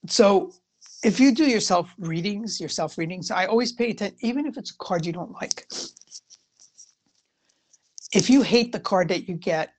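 A woman's voice: mid-range voice, expressive, normal speed, pauses often, a little mellow. A woman giving a casual, rambling spiritual talk about tarot readings, full of "you know" fillers. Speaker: tarot reader.

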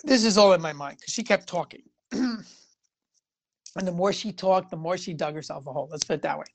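A woman shares her thoughts on tarot and moods in a loose, conversational way. Her voice sits a little on the low side, and she circles back on her points with plenty of casual fillers. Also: a little fast. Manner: chatty and rambling, frequent "you know" fillers. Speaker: tarot reader. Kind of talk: casual spiritual talk to viewers.

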